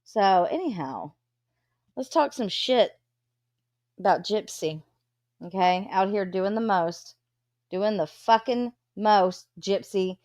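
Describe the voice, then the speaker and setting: A woman's voice: medium pitch, a little mellow, no room sound, studio quality. A woman, hosting a livestream and chatting casually with viewers, blunt and profane. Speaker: livestream host. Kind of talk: casual chat reading out viewer comments.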